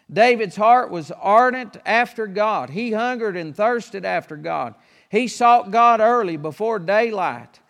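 A man preaching a sermon, reading scripture aloud and slowing down, louder, on the verses. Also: high voice, big-room sound.

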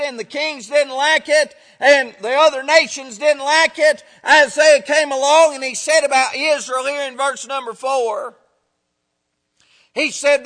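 A man preaching a sermon, emphatic and building to shouts on his key points. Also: very high voice. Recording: reverberant hall.

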